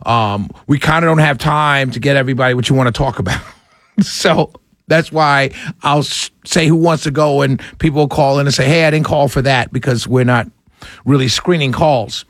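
A man hosting a call-in radio talk show, chatting warmly with callers and reading headlines. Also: medium pitch, moderate pace, no room sound. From Jamaican family roots. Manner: lively, apologetic and chatty with callers.

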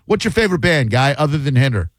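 A man's voice: mid-range voice, very animated, quick pace, no room sound. A man hosting a call-in radio show, talking in a wry, joking and opinionated way into a studio microphone.

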